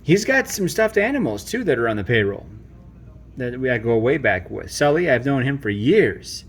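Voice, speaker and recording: Playful dad hosting a toy video. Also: male voice, mid-range voice, moderate pace, slightly rough. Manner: jokey and animated, mock-pompous. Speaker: host. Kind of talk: playful family video, introducing toys.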